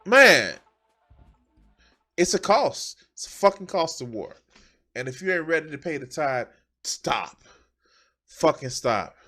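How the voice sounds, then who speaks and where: A man with a high, bright voice rants through political commentary, swearing freely and hammering points by repeating them. He talks at an unhurried pace with bursts of emphasis. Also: big pitch swings, faint music behind. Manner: profane, emphatic, repeats phrases. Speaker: streamer.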